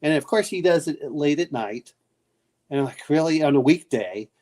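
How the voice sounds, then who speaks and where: Man, casual late-night chat, rambling, slightly high pitch, acts out quotes. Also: lively intonation, moderate pace, a little mellow. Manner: rambling storyteller, restarts often, acts out quotes. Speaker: parent telling family stories.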